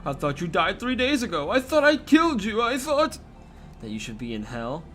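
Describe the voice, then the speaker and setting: A man's voice: wildly swooping pitch, normal speed, a bit bright, heavily acted. A man voicing a terrified, cowering old bishop who panics in disbelief, reading game dialogue aloud. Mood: panicked. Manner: shrill, frantic, disbelieving.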